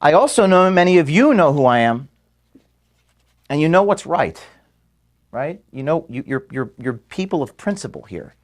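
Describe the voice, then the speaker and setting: A man, the founder of an organization, giving an earnest farewell speech to his staff in an office. He is emotional and halting, with restarts and pauses, and is being filmed. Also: a little high, big pitch swings. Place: office room at headquarters. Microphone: filmed by camera.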